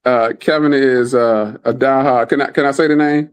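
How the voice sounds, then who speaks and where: A man's voice: mid-range voice, steady tone, moderate pace, clean tone. Enthusiastic man hosting a podcast. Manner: enthusiastic, repeats words and phrases. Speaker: podcast host. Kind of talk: casual chat.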